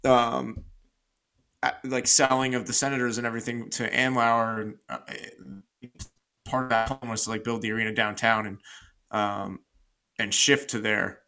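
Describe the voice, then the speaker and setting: Bright-voiced man in casual podcast chat. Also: mid-range voice, level tone, normal speed, creaky, pauses often. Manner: thinks aloud, stops and restarts often. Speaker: podcast co-host.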